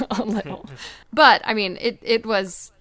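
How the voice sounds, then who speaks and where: A woman hosting a casual talk show, chatty and quick to laugh. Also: medium pitch, fairly bright tone, no room sound. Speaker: podcast host. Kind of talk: casual chat.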